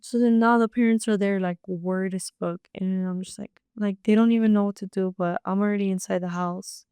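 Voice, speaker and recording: Young woman with a gravelly voice. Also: mid-range voice, dry recording, clean studio sound. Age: young adult. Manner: rapid, animated, filler-heavy storytelling. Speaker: podcast guest. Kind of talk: casual storytelling.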